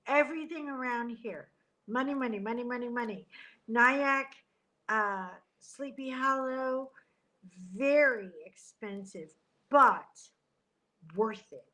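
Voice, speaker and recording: A middle-aged woman chatting casually on a livestream from a hotel room, animated, joking and gasping as she talks into a tablet. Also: a little high, slow, rough recording. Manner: chatty and animated, jokes and gasps. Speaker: livestream host. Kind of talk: casual live chat. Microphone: tablet camera.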